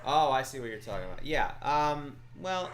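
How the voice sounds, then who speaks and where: A man's voice: medium pitch, sing-song, moderate pace. Dry, rambling male co-host. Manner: rambling, dry and sardonic, many fillers. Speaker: co-host and commentator. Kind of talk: casual live commentary chat.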